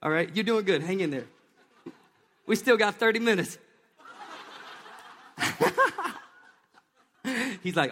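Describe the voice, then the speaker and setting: A man preaching a lively sermon from a church stage, joking with volunteers between points. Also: sits high, slow, pauses often, big-room sound, background noise. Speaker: pastor.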